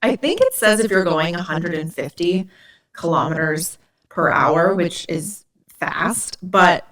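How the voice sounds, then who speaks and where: A woman from Indiana, USA, hosts a podcast and tells stories in a chatty, casual way, filling her speech with "like." Her voice is on the low side and a bit bright, and she's animated but takes her time.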